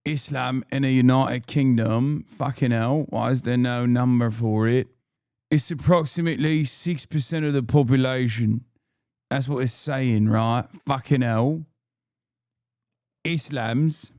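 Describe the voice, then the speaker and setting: A man's voice: mid-range voice, unhurried, darkish tone, no room sound, clean studio sound. A man in his thirties streaming a reaction, ranting and mocking with a sarcastic edge. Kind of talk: live-stream reaction commentary.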